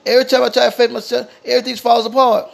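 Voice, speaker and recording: A man's voice: very high-pitched, flat delivery, rapid-fire, vocal fry, heavily acted. A man voicing an anxious, earnest sixteen-year-old boy in his story, sounding nervous and pleading.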